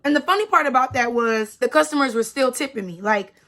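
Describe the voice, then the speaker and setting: High, bright-voiced young woman vlogging. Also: fairly quick. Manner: emphatic, repeats phrases, lots of "like". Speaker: storytime vlogger. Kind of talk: casual storytime vlog.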